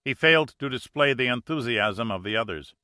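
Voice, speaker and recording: A man giving steady, measured scripted narration of an adventure audiobook. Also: mid-range voice, no echo, clean studio sound.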